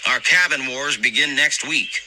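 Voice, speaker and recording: A man voicing an adult male camp director who announces things in a drawn-out, emphatic way. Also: medium pitch, background noise, lightly acted. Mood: announcing. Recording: narration over loud music.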